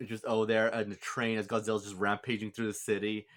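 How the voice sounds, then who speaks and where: A man's voice: fairly low pitch, completely flat delivery, quick pace, fairly bright tone. A man casually reviewing a movie, rambling with lots of fillers and restarts. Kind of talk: casual film review vlog.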